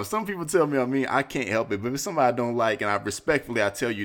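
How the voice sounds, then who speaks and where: A man hosting a podcast, telling a story in a casual, profane, animated way and acting out quotes in high voices. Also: fast, hardly any pauses. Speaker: podcast host.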